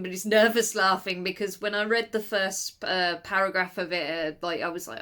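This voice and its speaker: A woman talks through her reading in a casual video review, her voice sitting in a mid range. She rambles, breaks into nervous laughter and jumps to shrill, high exclamations of disgust. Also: steady tone, a little fast, hardly any pauses, pushed and bright. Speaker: book reviewer.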